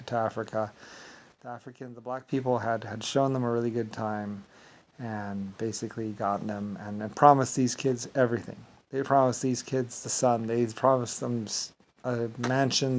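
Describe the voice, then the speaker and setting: A man tells a story in a rambling, casual monologue, full of halting restarts and repeated filler words. His voice is mid-range, and the audio quality is poor.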